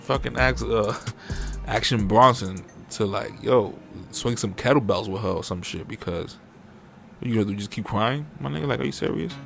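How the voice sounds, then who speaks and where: A young man rants on a podcast, loose and profane, breaking into shrill mocking impressions. His voice sits low with a gravelly fry, and faint music plays underneath. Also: moderate pace. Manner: profane, animated ranting with mocking high-pitched impressions. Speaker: podcast host. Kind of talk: casual uncensored podcast rant.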